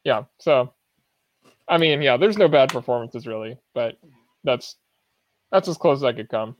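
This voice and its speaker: A man's voice: mid-range voice, animated, normal speed, a little hiss or hum. A man chatting casually on a movie podcast, leaning on "like" and loose phrasing. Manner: loose and casual, lots of fillers like "like". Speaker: podcast co-host.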